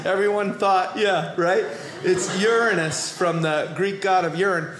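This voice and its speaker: Boston man, stand-up comic, very high voice, roomy live stage sound, playful shouty delivery. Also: a little slow, crowd noise. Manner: animated, playful delivery with shouted asides and sudden quiet drops. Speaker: stand-up comedian. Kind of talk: stand-up comedy routine. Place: comedy club stage before a live audience.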